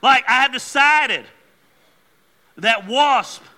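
A middle-aged male pastor preaching a sermon, an animated, joking storyteller who turns earnest. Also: extremely high pitch, very slow.

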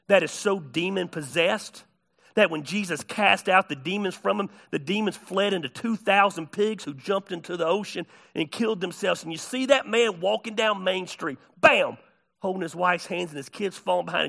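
Pastor guy preaching, high bright gravelly voice, goes quiet then shouts. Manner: animated storytelling preacher, swinging between hushed and shouted. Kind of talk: sermon.

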